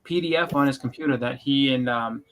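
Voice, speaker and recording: A man's voice: medium pitch, a little fast, rough recording. A man chatting casually on a comics stream, rambling with lots of fillers and restarts. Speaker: co-host.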